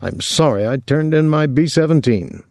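A man's voice: a little high, lively intonation, normal speed, vocal fry, darkish tone, no room sound, clean studio sound, pitched above the performer's own voice. A man reading an audiobook, voicing a restless young man who jokes breezily and talks a lot. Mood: breezy. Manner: breezy, joking, talkative. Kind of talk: audiobook character voice.

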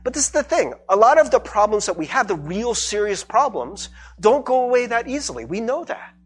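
A man's voice: high-pitched, moderate pace, breathy edge. A male pastor giving a conversational sermon, acting out bits of everyday dialogue and checking in with "right?". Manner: animated, acts out everyday dialogue with repeated "right?".

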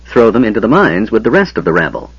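A man voicing a cruel, irritable male dragon highlord who speaks in a snarling, caustic way, in an audiobook reading. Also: sing-song, quick pace, slightly rough, no room sound, full character voice. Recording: dull lo-fi audio.

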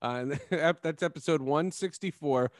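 A man hosting a sports podcast, telling stories in a casual, animated way and laughing often. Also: on the high side, moderate pace, no echo, clean studio sound. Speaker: podcast host.

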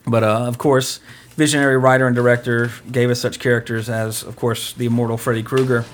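A man's voice: medium pitch, little pitch movement, fairly quick. Rambling, joking male podcast host. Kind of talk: casual podcast chat.

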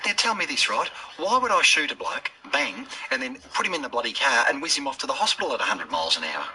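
An actor playing a brash, menacing Australian standover criminal in a film scene, sneering and swearing casually. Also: male voice, medium pitch, big pitch swings, quick pace, noisy background, natural voice. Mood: mocking.

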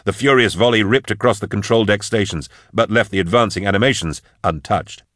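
A man reading an action story aloud in steady, measured audiobook narration. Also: fairly low pitch, no echo, studio quality.

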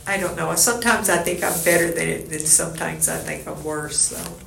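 A woman with a Texan accent tells her story in a loose, rambling way, full of restarts. Her voice carries a gravelly fry. The recording sounds roomy and echoey. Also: low-pitched, a little fast, a bit bright. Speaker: interviewee. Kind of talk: casual oral history chat. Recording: echoey room.

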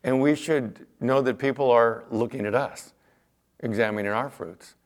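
A middle-aged pastor with a mid-range voice preaches at a moderate pace, delivering a conversational sermon built on everyday anecdotes. Chatty and full of fillers like "you know," he acts out the back-and-forth of quoted exchanges.

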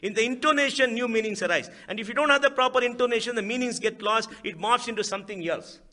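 A man's voice: very high-pitched, fast talker, pushed and bright. A man with an Indian accent giving a public speech at a book event, emphatic, asking rhetorical questions and repeating key phrases. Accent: Indian English.

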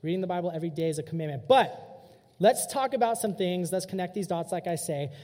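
A young man preaches to a youth group in a casual, animated storytelling manner. His voice sits high and has a mellow, relaxed tone. It rings with the long reverb of a hall. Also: fast talker. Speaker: youth pastor. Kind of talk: youth sermon.

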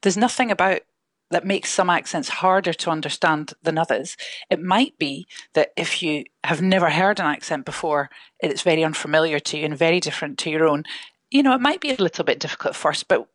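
Low-voiced woman with a mild Glaswegian accent. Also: brisk, no room sound, studio quality. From Scotland. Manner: hesitant, many fillers and restarts. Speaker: linguistics professor guest. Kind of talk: radio interview.

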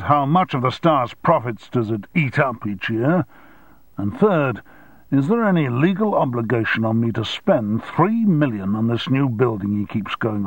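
A man's voice: medium pitch, no room sound, highs cut off. A man voicing a blunt, domineering male newspaper tycoon, curt and demanding.

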